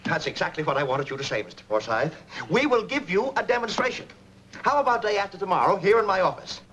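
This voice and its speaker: An actor playing an excitable, blustering middle-aged boss with a theatrical way of talking, in 1940s film acting. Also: male voice, high voice, quick pace, a little hiss or hum. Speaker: businessman.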